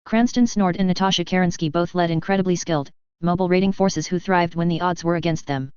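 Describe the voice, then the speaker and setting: Steady first-person audiobook narrator; smooth tone, slightly dull, muffled recording. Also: medium pitch, fast, no echo.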